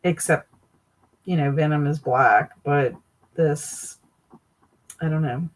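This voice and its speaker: A woman's voice: low-pitched, slow, poor audio. A woman hosting a casual livestream, reacting with amused, laughing commentary. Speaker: livestream host.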